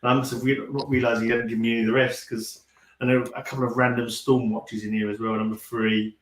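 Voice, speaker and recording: A man's voice: mid-range voice, level tone, fast, roomy sound, low-quality recording. A man chatting casually on a video call, blunt and full of banter. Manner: blunt, banter-heavy, slangy. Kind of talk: casual chat.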